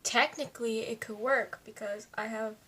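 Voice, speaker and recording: A woman's voice: a little high, fairly even intonation, moderate pace, fairly bright tone, husky. A woman talking casually through a makeup tutorial at home, chatting to herself as she works. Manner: chatty, talks to herself while applying makeup. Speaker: beauty vlogger. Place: home, indoors.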